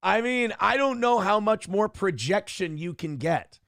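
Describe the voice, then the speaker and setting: A man's voice: high voice, animated, unhurried, creaky, a bit bright, no echo, clean studio sound. A man hosting a stream, ranting in a snarky, smug, mocking way. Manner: mocking, taunting asides. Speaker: streamer host. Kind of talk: casual ranting commentary.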